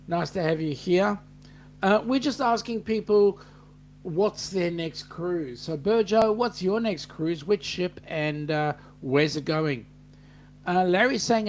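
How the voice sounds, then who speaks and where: A man's voice: high voice, takes it slowly, slight background noise. A man with an Australian accent hosting a live chat, rambling and reading out viewer comments. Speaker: host.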